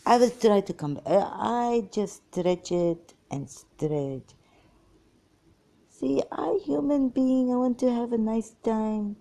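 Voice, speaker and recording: A slightly high, creaky, warm-toned woman speaks slowly in her vlog. She is an ex-Muslim, rambling to camera in an exasperated way and leaping from one topic to the next.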